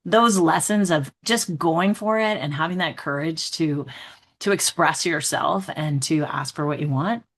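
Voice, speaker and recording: Low-voiced woman telling lively stories. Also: unhurried. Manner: animated storyteller who acts out her own past thoughts; upbeat and candid, with frequent "like" and "right?". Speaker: guest, emotional intelligence trainer and author. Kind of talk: casual interview storytelling.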